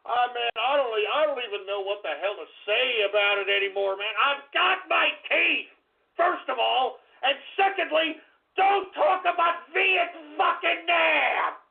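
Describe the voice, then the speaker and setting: A man's voice: very high voice, creaky, breathy edge, heavily acted. A man playing a hot-tempered old radio host and war veteran, who launches into explosive, cursing tirades at his listeners. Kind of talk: comedic radio character rant. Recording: tinny phone-like call-in radio line.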